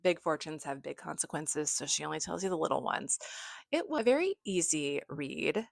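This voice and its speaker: A woman's voice: low voice, vocal fry, no echo, clean studio sound. A young woman vlogger chatting casually through her monthly book recap, effusive and swearing now and then.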